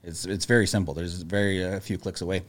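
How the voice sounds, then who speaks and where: A man, a business owner, talking in a casual podcast chat and telling stories in a calm, level-headed way. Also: low voice, fast talker.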